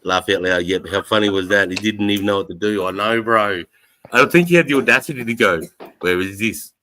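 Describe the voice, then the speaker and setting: Talking fast in a lowish, pushed and bright voice, this Australian streamer chats casually on a rough recording with slight background noise. He curses a lot and laughs his way through retelling events.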